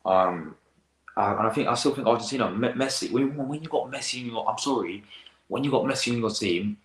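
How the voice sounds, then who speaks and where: A teenage lad hosting a live football reaction stream, rambling in excitable, slang-heavy casual chat. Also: male voice, mid-range voice, a little fast, echoey room, slight background noise, low-quality recording. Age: teens.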